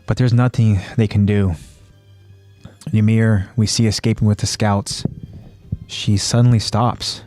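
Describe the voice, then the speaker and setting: A man co-hosting a podcast, recapping an episode in plain storytelling with pauses and fillers. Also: on the low side, flat delivery, mellow, dry recording, soft background music. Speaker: podcast co-host.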